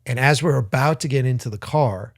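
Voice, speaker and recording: Brisk and medium-pitched, a male podcast co-host rambles through a foul-mouthed anecdote, energetically voicing the people he quotes. The studio sound is clean, with no room echo.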